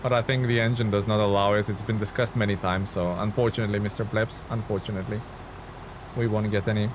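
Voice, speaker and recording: A man's voice: lowish voice, little pitch movement, quick pace, noisy background. Chatty male game streamer. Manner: chatty, reads chat aloud and answers viewers. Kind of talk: casual live-stream commentary.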